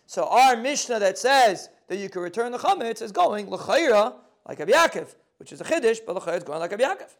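A man leads a Talmud lesson. He reads the Aramaic text aloud and explains it in quick, casual sprinkled with terms. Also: sits high, big pitch swings, fairly bright tone. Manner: quick explanatory, translating Aramaic text into English with yeshiva phrasing. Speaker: Talmud teacher. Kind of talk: daf yomi Talmud lesson.

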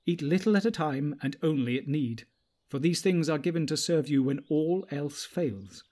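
Merry, gracious elves, as a male reader voices them, speak in a high, lilting voice, well above his normal register. They sound bright and gently chiding, and they come through noticeably louder than the narration. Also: moderate pace, lightly acted. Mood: earnest.

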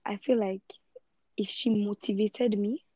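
A woman's voice: medium pitch, steady tone, mellow, husky, no echo, lo-fi sound. Chatty young woman podcast co-host. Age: young adult. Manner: chatty, playful and quick-talking. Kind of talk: casual chat. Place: her own room.

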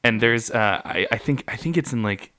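Chatty rambling podcast co-host. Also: male voice, mid-range voice, animated, moderate pace, pushed and bright. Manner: chatty, rambling, laughs often, fillers. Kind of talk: casual podcast chat.

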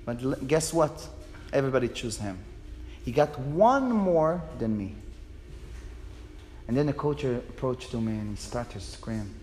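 A man's voice: medium pitch, lively intonation, a little slow, pauses often, a little mellow, reverberant, long reverb tail, poor audio. A man, a rabbi, telling a personal story in a passionate, emotional way.

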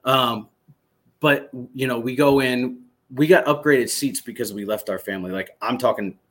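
A man in his thirties from Michigan, a former soldier, telling a story as a podcast guest in an animated, excited way, swearing freely. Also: medium pitch, normal speed. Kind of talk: casual storytelling interview.

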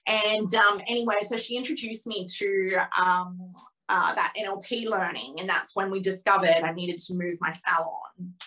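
A woman in her thirties, a podcast guest telling a personal story candidly and with feeling, acting out the dialogue in lively voices. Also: medium pitch, normal speed, a little hiss or hum, rough recording. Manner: candid, emotional, swears freely.

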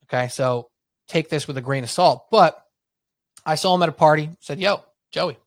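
A male podcast co-host in casual sports chat, rambling through stories with plenty of animation. His voice sits a little higher than most men's. The sound is close and dry, with no room echo. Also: moderate pace.

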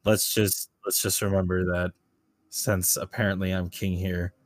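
A man's voice: deep voice, flat delivery, measured pace. A man playing his character in a tabletop game, speaking casually and hesitantly, often restarting his sentences. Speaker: player.

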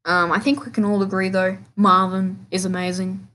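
A woman's voice: mid-range voice, little pitch movement, moderate pace, sharp tone. A woman hosting a casual solo gaming podcast, rambling and restarting her sentences in an offhand way. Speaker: podcast host.

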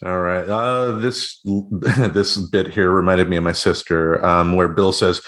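A man's voice: deep voice, steady tone, a little slow, few pauses, a bit bright. A man co-hosting a podcast, leading segments and reading quotes in a casual review chat. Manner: leads segments, reads quotes aloud. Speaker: podcast co-host.

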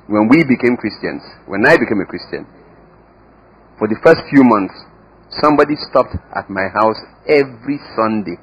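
A man preaching a sermon as pastor, emphatic, with sudden swings in loudness and pitch and repeated words. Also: husky, dull audio.

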